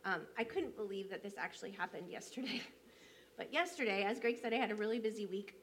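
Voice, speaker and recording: A woman's voice: mid-range voice, fast, a bit bright, a little hiss or hum. A woman church elder, preaching a sermon by telling a personal story in a conversational way, with frequent fillers.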